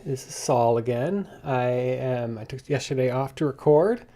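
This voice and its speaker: A man thinking aloud in a casual coding log as he walks through his software bugs, with lots of restarts and asides, keyboard typing behind him. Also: mid-range voice, measured pace. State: slightly out of breath.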